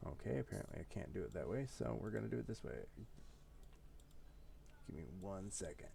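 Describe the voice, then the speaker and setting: A laid-back man streaming a game, his voice low and mellow, with keyboard clicks and a faint hiss behind him. He chats casually, chuckles often and mutters to himself while he types. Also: sing-song, fairly quick, vocal fry. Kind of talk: casual live-stream chat.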